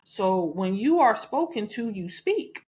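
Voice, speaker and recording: A woman's voice: medium pitch, very animated, takes it slowly, darkish tone. Southern-accented woman host, frank solo podcast talk, casual and outspoken, mid-range voice. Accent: Southern American. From American South. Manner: candid, chatty, frequent laughs and cussing.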